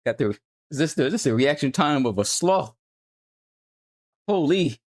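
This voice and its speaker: A young man at home streams and reviews gameplay footage, offering casual commentary in a laid-back, coaching tone with casual swearing. His voice is medium-pitched and animated, and he talks a little fast.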